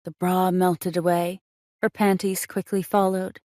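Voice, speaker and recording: Low-voiced woman narrating a romance. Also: little pitch movement, measured pace, dark tone, no echo, clean studio sound. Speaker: audiobook narrator.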